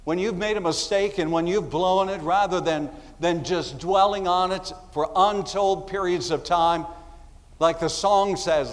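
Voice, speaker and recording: A man preaching a sermon in a slightly high voice, with long reverb from a hall trailing behind him. He talks to the congregation in a conversational way and drops into little acted voices as asides. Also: unhurried. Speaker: pastor.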